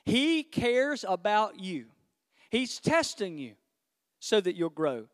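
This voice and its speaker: A man's voice: sits high, big pitch swings, slow pace. A man preaching a sermon as pastor, emphatic and stretching key words for effect, in a church. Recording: long hall reverb.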